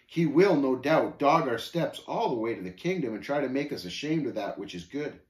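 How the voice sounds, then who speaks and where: A man's voice: medium pitch, lively intonation, brisk, a little mellow, reverberant, lightly acted. A man voicing an earnest, devout male pilgrim who asks eager questions.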